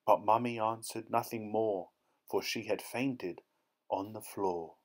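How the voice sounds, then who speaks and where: A man narrating rhyming children's poems in a rhythmic, expressive audiobook reading. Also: lowish voice, slow.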